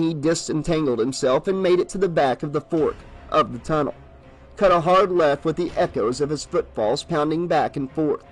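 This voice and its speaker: Male horror audiobook narrator, measured and steady, slightly high-pitched. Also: rough recording.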